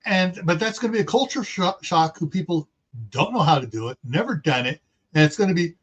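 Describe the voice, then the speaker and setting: A man from California hosts a casual livestream chat. His voice sits a little higher than most men's. He rambles from point to point and throws in sarcastic asides. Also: animated, brisk, breathy edge, highs cut off. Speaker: host.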